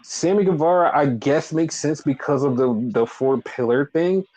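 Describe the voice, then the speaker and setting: A man's voice: a little high, moderate pace, a little mellow, no echo, rough recording. A man co-hosting a casual wrestling podcast, ranting in a profane, exasperated way. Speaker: podcast co-host.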